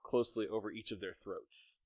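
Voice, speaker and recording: A man running a tabletop game as game master, playful and narrating combat with quick asides. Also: on the low side, steady tone, a little mellow, no room sound. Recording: dry, slightly dull podcast mic.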